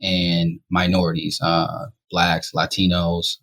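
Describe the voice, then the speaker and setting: Low husky-voiced man telling stories. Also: takes it slowly. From Rochester, New York, US. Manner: relaxed, conversational, often says "you know". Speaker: podcast guest. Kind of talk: candid storytelling.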